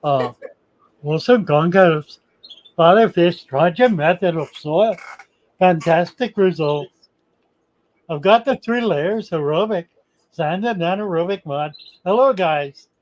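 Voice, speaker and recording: A man's voice: sits high, lively intonation, slow pace, pauses often, lo-fi sound. An older man putting on a Danish-accented voice. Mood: playful. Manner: reads viewer comments aloud in the accent.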